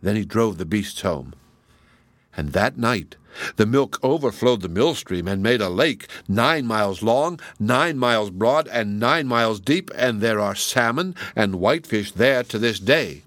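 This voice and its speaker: A man narrating an old folk tale aloud in a lively storybook reading. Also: lowish voice, unhurried, no echo.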